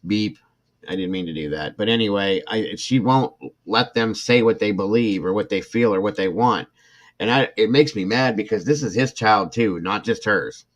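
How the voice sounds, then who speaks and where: On the low side and at normal speed, a middle-aged man's voice carries a true crime livestream as he reads a report aloud. Irritated and emotional, he responds to it while addressing chat viewers by name.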